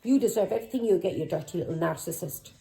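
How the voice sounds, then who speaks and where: A woman's voice: lowish voice, lively intonation, fast talker, gravelly, dark tone, rough recording. Angry woman tarot reader. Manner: angry, accusing, swearing, with taunting questions. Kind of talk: tarot reading vlog.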